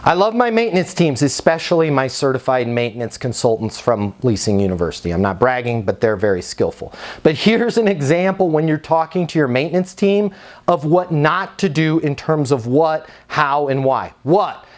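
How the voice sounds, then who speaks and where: A middle-aged man giving a property management training talk, animated and acting out workplace scenarios. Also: on the high side, moderate pace. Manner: animated, acts out scenarios with shifting voices. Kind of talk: training presentation.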